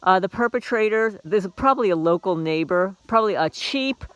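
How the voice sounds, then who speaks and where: A woman's voice: mid-range voice, animated, a little fast, clear, resonant tone, dry recording, muffled recording. A woman vlogging casually from her homestead, rambling and aggrieved with wry asides. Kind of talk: casual walk-and-talk vlog. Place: outdoors on a small homestead near a chicken coop. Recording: outdoor recording with crowing roosters and clucking hens.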